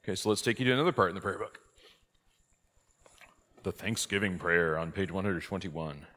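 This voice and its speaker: Low-voiced male priest teaching a class, lively and questioning, in a reverberant hall. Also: brisk, a little hiss or hum. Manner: lively, rhetorical questions, emphatic outbursts. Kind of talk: conversational church class teaching. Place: church hall.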